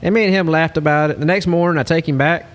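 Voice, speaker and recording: Guy with a high voice telling a hunting story, animated, casual podcast chat. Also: fast. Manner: animated storyteller, Southern-style speech. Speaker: hunting lodge guide.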